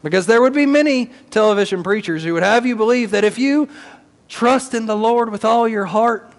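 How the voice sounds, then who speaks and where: A male pastor preaching a sermon as animated storytelling with casual slang. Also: high-pitched, moderate pace, big-room sound.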